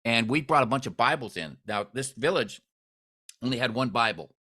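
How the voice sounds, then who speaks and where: A man hosting an interview, telling a story with expressive swings in pitch and volume. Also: normal speed. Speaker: host.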